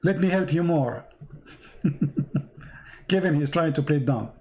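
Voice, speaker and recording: Man, high-pitched, hoarse, insistent live stream debater, repeats questions. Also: takes it slowly, darkish tone, low-quality recording. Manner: insistent, repeats his questions, reads verses aloud. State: losing his voice.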